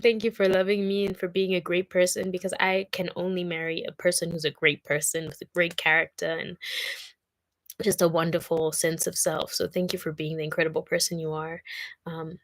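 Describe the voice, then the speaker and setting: A woman's voice: on the low side, level tone, normal speed, no echo. A young woman with a South African accent, talking to camera in an emotional, rambling way and crying at times. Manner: heartfelt, tearful, rambling with fillers. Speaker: vlogger. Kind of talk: emotional casual talk to camera.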